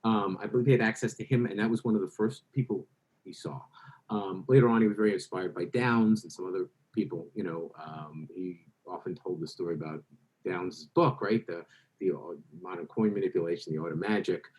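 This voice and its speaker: A man's voice: deep voice, a little fast, darkish tone, rough recording. A man speaking as a guest author in an interview, telling anecdotes at length and correcting himself as he goes. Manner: rambling anecdotal, self-correcting. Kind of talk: conversational interview storytelling.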